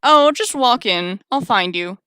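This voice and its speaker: A woman's voice: a little high, animated, unhurried, pushed and bright, clear, resonant tone, no room sound, studio quality. Woman putting on a doting old-lady spider. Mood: sweet. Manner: doting, calls everyone dearie. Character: giant sweet old-lady spider wedding planner.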